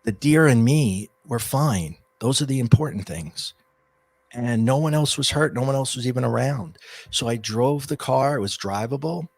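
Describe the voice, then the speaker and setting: A middle-aged man, a guest coach and author, telling a personal story in a rambling, animated way with frequent restarts. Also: medium pitch, normal speed, vocal fry, dry recording. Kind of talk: storytelling in an interview.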